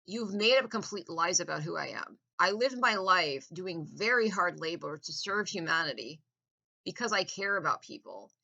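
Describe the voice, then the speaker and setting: A woman talks straight into the camera in a long, rambling rant. Her tone is bright and sharp, and her voice sits low. She sounds contemptuous, circles back to the same points and leaves sentences unfinished. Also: animated, moderate pace, vocal fry, lo-fi sound. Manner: contemptuous, rambling, repeats herself. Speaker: vlogger. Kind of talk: ranting monologue.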